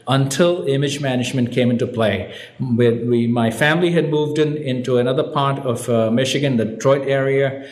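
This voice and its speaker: Indian-born man, wry self-mocking storyteller at a podium, echoey room recording. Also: medium pitch. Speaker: recovery meeting speaker. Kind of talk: personal story told from a podium. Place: meeting hall with an audience.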